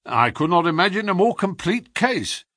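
Smug young inspector, stern, raised lively pitch; male narrator voicing him. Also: normal speed, no echo, studio quality, full character voice. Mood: astonished. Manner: stern and smugly formal. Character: young, self-satisfied police inspector. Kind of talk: audiobook character voice.

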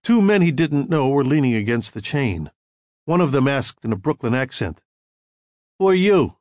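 A man narrating an audiobook chapter in a measured storytelling manner, acting out the dialogue. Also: mid-range voice, sing-song, a little mellow, no echo, clean studio sound.

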